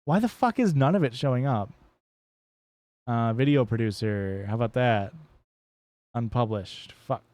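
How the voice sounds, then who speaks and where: A man live-streaming a game, chatting with his viewers in a hyped, joking way and swearing freely. His voice is smooth and clear at a middle pitch, recorded close and dry. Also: unhurried, long pauses, darkish tone, no room sound. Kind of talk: casual live-stream chat over gameplay.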